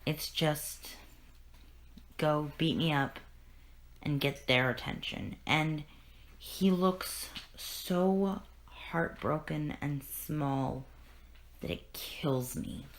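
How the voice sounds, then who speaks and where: Earnest woman with a low voice. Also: very slow. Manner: earnest, emotional retelling with many restarts. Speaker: podcast host. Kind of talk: casual comic discussion.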